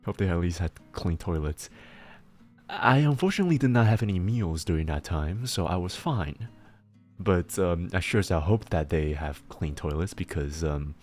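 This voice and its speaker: A man's voice: deep voice, darkish tone. A man streaming a casual chat as he works, rambling, laughing often and restarting his words. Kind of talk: casual chat while working.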